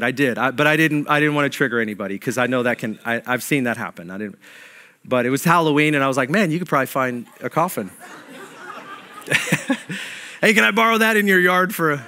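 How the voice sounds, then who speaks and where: A male pastor preaching a sermon, reading scripture aloud and breaking into animated, joking asides. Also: high-pitched.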